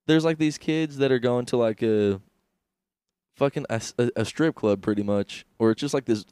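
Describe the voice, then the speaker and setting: A man's voice: mid-range voice, moderate pace, dark tone, clean tone, no echo. A young man co-hosting a comedy podcast, rambling crudely with restarts and laughs, hungover. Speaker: podcast co-host. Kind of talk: casual comedy podcast chat.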